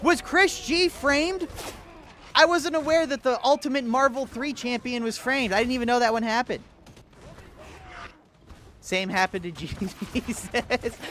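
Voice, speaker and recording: While gaming on a livestream, a guy talks casually to his audience, sarcastic, relaxed, and cursing freely. He has a high-pitched, somewhat bright voice, and there's a bit of hiss or hum audible.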